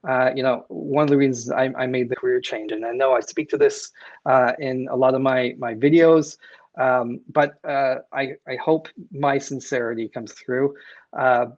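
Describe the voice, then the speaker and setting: A man from Canada who hosts a real estate live stream, earnest and halting, with many fillers and restarts as he signs off. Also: mid-range voice, fairly even intonation, no echo, lo-fi sound. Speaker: real estate agent and show host.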